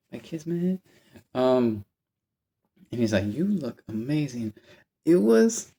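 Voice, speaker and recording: A man's voice: mid-range voice, vocal fry. A man telling a rambling story to camera in a casual vlog, often stopping to correct himself. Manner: rambling, animated, self-interrupting. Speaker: vlogger.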